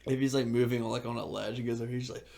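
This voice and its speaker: A young man in his twenties with a gravelly, creaky voice at an ordinary pitch co-hosts a casual podcast. He rambles in loose, excitable bursts and fills his talk with "like.". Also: quick pace. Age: 20s. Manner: rambling, full of "like" fillers, excitable. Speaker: podcast co-host. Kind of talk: casual chat.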